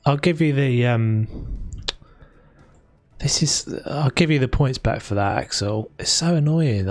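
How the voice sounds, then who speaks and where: A man's voice: on the low side, a little mellow, no echo. A man from South London with a London accent, chatting casually and rambling on a live stream while he builds in a game. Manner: chatty and rambling, with frequent restarts.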